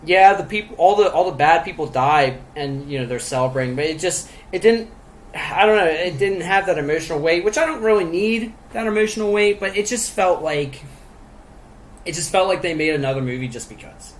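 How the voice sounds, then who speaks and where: Fairly quick and expressive, a man with a slightly high voice co-hosts a casual podcast reviewing a movie. He laughs a lot and rambles with many fillers and restarts, heard through a low-quality recording with slight background noise.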